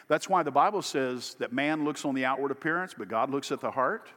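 Emphatic preaching man, lively pitch. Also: moderate pace, hardly any pauses, big-room sound. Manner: emphatic preaching, swelling louder and higher on key phrases. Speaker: pastor. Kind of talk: sermon.

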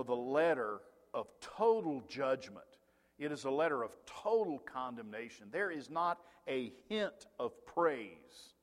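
A man preaching a sermon as pastor of a large church, talking conversationally with asides and fillers. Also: medium pitch. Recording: long reverb of a large hall.

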